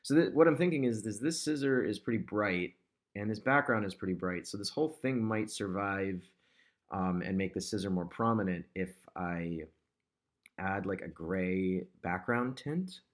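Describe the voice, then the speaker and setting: A man's voice: lowish voice, moderate pace. A man casually talking through an ad design on screen, thinking aloud and chatting to the objects he moves around. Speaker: digital marketer demonstrating ad design. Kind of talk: casual screen-recording tutorial.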